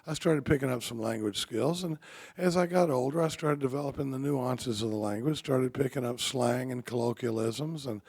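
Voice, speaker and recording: Man doing a worldly, boastful talking dog, smug and chatty, gravelly husky tone. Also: mid-range voice, moderate pace, darkish tone.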